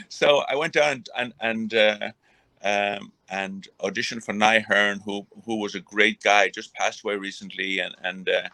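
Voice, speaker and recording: A man's voice: lowish voice, animated, measured pace, gravelly, sharp tone, no echo. A middle-aged man, a retired boxer, rambling through a casual interview with many restarts and fillers. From Ireland.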